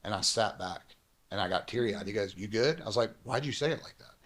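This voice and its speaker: A man, a pastor and guest, telling a personal story quickly and acting out the dialogue he quotes. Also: fairly low pitch, expressive, fairly bright tone.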